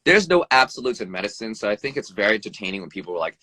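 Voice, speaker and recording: A man who works as an emergency room doctor, talking bluntly over a live video stream, swearing freely, his pitch jumping up and down, and tagging "right?" onto his points. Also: rapid-fire, dry recording. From United States. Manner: animated, pitch jumps up and down. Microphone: phone or video call mic.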